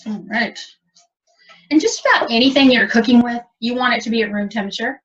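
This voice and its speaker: Captured in dull, lo-fi sound from afar, a woman teaches a cooking demo, talking through it step by step in a chatty way. She's a cooking instructor with a fairly high, slightly bright voice and a fairly quick delivery.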